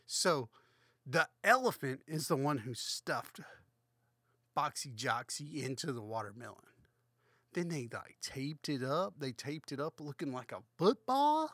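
A slightly drunk man reads a children's book aloud and breaks off into crude, swearing asides. He speaks slowly in a fairly high, bright voice. The recording is close and dry. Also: very animated, breathy edge, no room sound. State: a little drunk. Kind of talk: comedic book reading with commentary.

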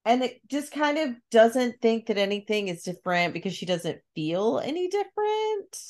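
A woman's voice: on the high side, normal speed. A woman co-hosting a casual podcast chat, retelling a book's plot with acted-out lines and frequent laughter. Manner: animated storyteller, acts out characters' lines, laughs often. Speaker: podcast co-host recapping a book.

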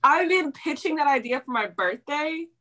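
Bright, blunt, high-voiced woman. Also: expressive, normal speed. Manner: blunt, emphatic, swears casually. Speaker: podcast co-host. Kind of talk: casual chat.

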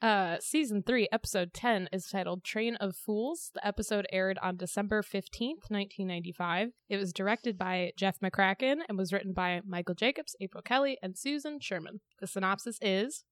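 A woman's voice: medium pitch, normal speed, hardly any pauses, no room sound. A young woman co-hosting a podcast, reading episode details and chatting with frequent laughter. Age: young adult. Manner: laughs often, relaxed. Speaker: podcast co-host.

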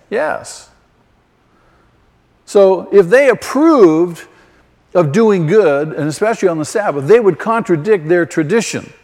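A man preaching a sermon slowly and emphatically, with sudden loud rises for stress. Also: on the high side. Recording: long hall reverb.

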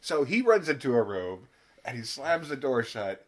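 Chatting casually about a TV episode, a podcast co-host laughs often and acts out what the characters say. He speaks at normal speed in a sing-song, mid-range voice.

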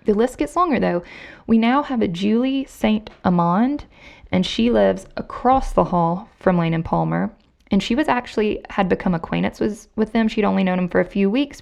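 A woman's voice: mid-range voice, gravelly, darkish tone. A woman hosting a podcast, casually recounting a true crime case to her co-host and reading quotes with emphasis. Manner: conversational, reads quotes with emphasis.

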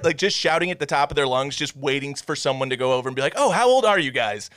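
A man's voice: mid-range voice, animated, fast talker, a bit bright, smooth, no echo, studio quality. A man hosting a casual podcast with friends, telling stories with lots of swearing and repeated stammers. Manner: rambling, profane, stammers and does silly voices. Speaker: podcast host. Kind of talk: casual chat.

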